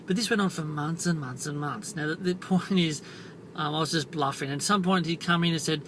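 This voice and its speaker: A man's voice: on the high side, brisk, noisy background. A middle-aged man, telling a self-deprecating story to camera in a casual vlog, full of fillers and "right?" tags. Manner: chatty, self-deprecating, many fillers and tag questions. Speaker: marketing and copywriting vlogger.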